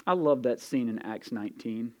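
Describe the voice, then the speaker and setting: A man's voice: medium pitch, lively intonation, normal speed. A man preaching a sermon as pastor, conversational and emphatic, with casual asides to the congregation. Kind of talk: expository sermon.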